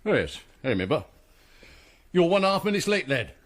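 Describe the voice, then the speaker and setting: An actor playing a bossy, officious commissionaire sergeant in a radio comedy. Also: male voice, on the high side, very animated, a little fast. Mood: pompous. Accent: former Cockney, now put-on posh. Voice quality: pompous, officious. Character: bossy, fussy male commissionaire sergeant, middle-aged.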